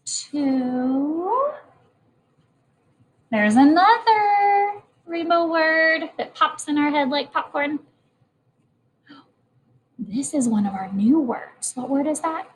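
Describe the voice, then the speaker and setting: A woman's voice: high-pitched, animated, slow, pauses often, rough recording. A woman teacher leading a morning message lesson for young children, speaking in a patient, encouraging way. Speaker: kindergarten teacher.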